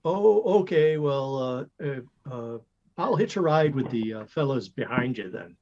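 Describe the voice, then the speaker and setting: A stammering, uncertain man stranded on a country road, played by a man in a tabletop game. His pitch swings widely and the sound is dull and lo-fi. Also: animated, mellow, a little hiss or hum. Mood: nervous. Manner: halting, full of uhs. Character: hesitant stranded roadside man.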